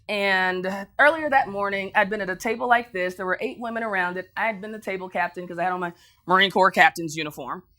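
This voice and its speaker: Animated woman motivational speaker, bright voice. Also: medium pitch. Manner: animated storytelling, acting out voices, laughing. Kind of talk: motivational speech.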